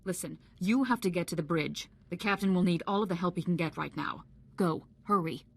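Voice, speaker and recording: An urgent crew member aboard a starship in a video game, speaking earnestly and with a low-set pitch over faint ambience. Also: female voice, fairly quick, gravelly.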